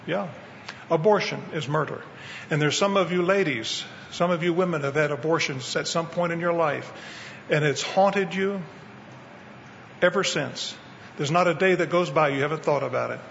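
Gravelly-voiced male preacher in a reverberant hall. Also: on the high side, a bit bright, lo-fi sound, a little hiss or hum. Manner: earnest preaching, direct address to the congregation. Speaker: evangelist preacher. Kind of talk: sermon. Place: church in New Mexico.

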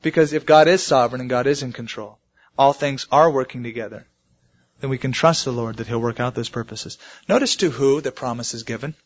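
A man's voice: medium pitch, brisk. A man preaching a sermon, telling stories and rising emphatically on the key points. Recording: muffled lo-fi sermon recording.

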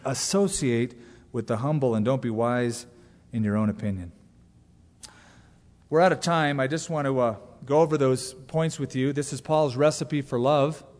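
Pastor preaching in a reverberant hall. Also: male voice. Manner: conversational preaching with sudden loud, high-pitched asides. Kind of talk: sermon. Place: church sanctuary. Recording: long hall reverb from a church.

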